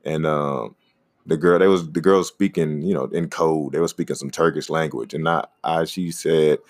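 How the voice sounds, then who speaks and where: A man hosting a casual podcast, rambling in a laid-back way and giving shout-outs to listeners. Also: very deep voice, fairly even intonation, moderate pace, no echo. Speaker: podcast host; comedian.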